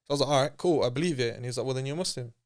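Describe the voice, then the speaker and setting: A medium-pitched man speaks rapid-fire as an interview guest, telling his story casually and chattily. He's full of slang and acts out the voices of the people he quotes.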